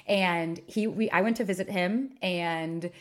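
A woman's voice: on the low side, measured pace. A woman in her thirties hosting a casual solo podcast, talking frankly and emphatically, with plenty of swearing. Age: 30s. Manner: frank, profane, emphatic storytelling. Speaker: podcast host.

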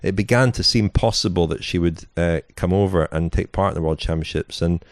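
A man's voice: low voice, a little fast, no echo, studio quality. A man co-hosting a podcast, telling a story in a meandering way with many "you know"s and restarts. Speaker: podcast co-host. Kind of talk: casual chat.

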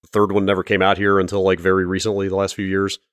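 A man co-hosting a podcast, chatting quickly and knowledgeably about video games with some hedging. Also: deep voice, completely flat delivery, clear, resonant tone. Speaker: podcast co-host.

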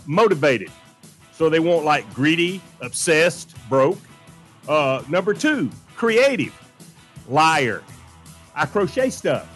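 A man hosting a radio show, casual chat, cracking deadpan jokes. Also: high voice. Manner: wisecracking, deadpan punchlines.

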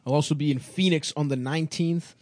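A man with a voice on the high side and a darkish tone talks quickly with fairly even intonation, recorded with studio quality and no room sound. Hosting a comedy podcast, this touring comedian trades casual, crude jokes while rattling off his tour dates.

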